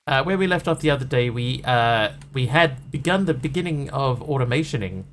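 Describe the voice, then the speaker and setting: A man talks his way through a game on a live stream, wandering off topic and poking fun at himself. His voice sits at a middle pitch, neither high nor low. A faint hum runs beneath the recording. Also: animated, a little fast, a bit bright. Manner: chatty, rambling, self-mocking. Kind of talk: casual live-stream chat while gaming.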